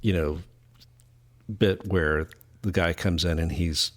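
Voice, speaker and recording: A man's voice: low-pitched, fairly even intonation, slow pace. A man co-hosting a podcast in casual chat, talking in an easygoing, chuckling way with many fillers. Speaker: podcast co-host.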